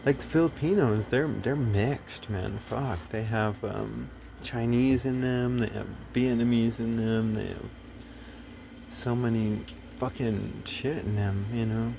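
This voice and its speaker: A man's voice: mid-range voice, steady tone, slow, creaky, background noise. A man talking casually to the camera, rambling and blunt, full of fillers, restarts and swearing. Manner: profane, blunt. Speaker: video host.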